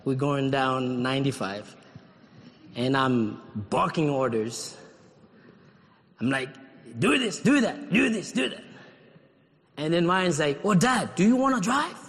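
A man from Haiti preaching a sermon, animated and acting out little dialogues as he talks. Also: mid-range voice. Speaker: pastor. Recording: long reverb of a large hall.

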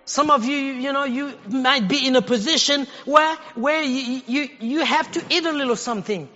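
High, bright-voiced male pastor preaching in an echoey hall. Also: moderate pace, muffled recording. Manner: conversational preaching, rising to shouted exhortation. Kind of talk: sermon. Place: church sanctuary.

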